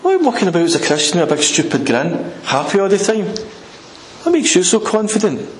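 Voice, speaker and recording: A preacher putting on a jeering enemy commander. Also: male voice, high voice, huge pitch swings, fast, roomy sound, pitched above the performer's own voice. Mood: mocking. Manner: mocking, goading questions. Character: taunting male enemy army commander shouting up at a wall.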